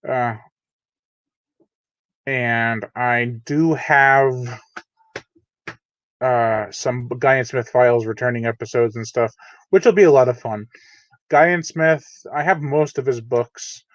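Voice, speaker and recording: A man's voice: medium pitch, fairly even intonation, takes it slowly, long pauses, dry recording. A man hosting a live unboxing stream, casually reading chat messages aloud and chatting with many fillers. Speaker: channel host. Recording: dull, lo-fi dry home mic.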